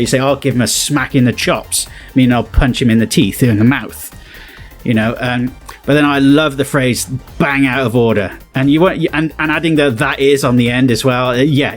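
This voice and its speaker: Rambling British man chatting. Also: medium pitch. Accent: British English. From Britain. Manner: rambling, chuckling, self-correcting. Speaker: YouTuber. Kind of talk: casual reaction commentary.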